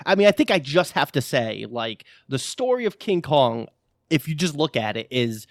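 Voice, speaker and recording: Lively, blunt man with a dry close sound. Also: on the high side, moderate pace, no echo. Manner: blunt and opinionated, swears. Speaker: podcast co-host. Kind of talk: casual film discussion.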